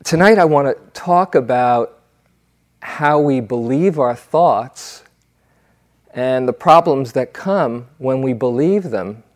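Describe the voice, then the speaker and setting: A male meditation teacher gives a dharma talk at a slow, unhurried pace. His voice sits at a middle pitch and sounds reflective. He moves into stories easily and leaves natural pauses between thoughts. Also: lively intonation. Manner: unhurried, reflective storytelling with fillers.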